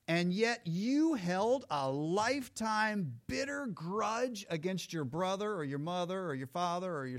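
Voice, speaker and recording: A man preaching a sermon as pastor, lively and acting out the voices of the people he quotes. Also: high voice.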